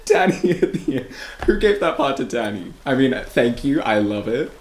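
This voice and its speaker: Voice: mid-range voice, sing-song, moderate pace, slight background noise. An Australian music video reactor giving casual, rambling commentary full of filler words. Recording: roomy room with faint music.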